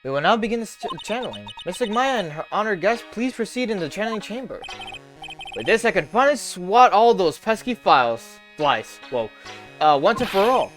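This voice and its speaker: Gloating pompous doctor man, voiced by a streamer, smug and scheming, lively pitch swings. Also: normal speed, soft background music, lightly acted.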